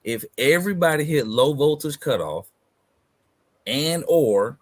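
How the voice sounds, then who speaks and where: A man's voice: a little high, lively intonation, a little slow, no room sound. A man hosting a live hobby talk stream, telling stories in a laid-back, slangy way. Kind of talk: casual chat, storytelling.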